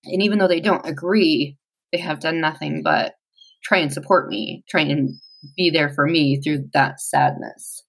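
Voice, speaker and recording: Woman in her forties, low voice, interview, reflective, halting, pausing. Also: husky, rough recording. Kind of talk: personal story in an interview.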